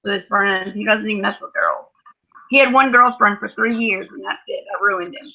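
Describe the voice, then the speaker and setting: A woman's voice: mid-range voice, moderate pace, gravelly. A woman in her thirties hosting a livestream chat, telling rambling everyday stories. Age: 30s. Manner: rambling anecdotal storytelling. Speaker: livestream host. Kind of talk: casual chat. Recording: muffled lo-fi stream audio.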